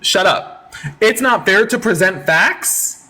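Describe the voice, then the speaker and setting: High-voiced man talking over his guest. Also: pushed and bright. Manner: interrupting, mocking, rapid-fire rhetorical. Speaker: livestream debate host. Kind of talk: heated live debate.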